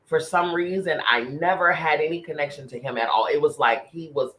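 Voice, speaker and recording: A man with a fairly high pitch speaks briskly with a slightly bright tone in a rough recording. As a podcast co-host, he earnestly tells a personal spiritual story in casual conversation, frequently restarting and repeating phrases.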